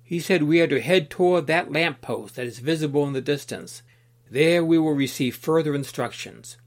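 Man doing an earnest young truth-seeker in a storybook reading, measured and steady. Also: on the high side, lightly acted.

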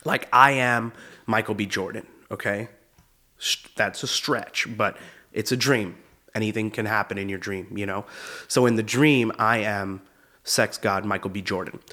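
A young comedian hosting his own show has a fairly low voice that sounds pushed and bright, and he talks a little slowly. He tells funny personal stories in a loose, slangy way, says "dude" often, and frequently laughs as he goes in a comedic storytelling monologue.

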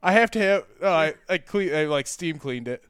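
A man's voice: fairly high pitch, lively intonation, moderate pace, fairly bright tone, clean tone. A young man telling a rambling, profane story on a podcast, often laughing. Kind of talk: casual storytelling.

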